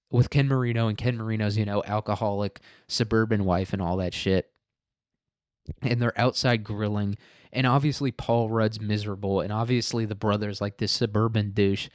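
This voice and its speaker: Alone on his podcast, a man with a lowish, slightly mellow voice rambles through stories in casual, profane talk, laughing often. The recording is clean studio sound with no echo.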